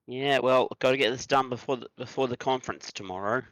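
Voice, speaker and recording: A man's voice: mid-range voice, fast, fairly bright tone, dry recording, low-quality recording. A man playing a tabletop role-playing game, talking hesitantly with many fillers. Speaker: player. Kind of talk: casual tabletop role-play.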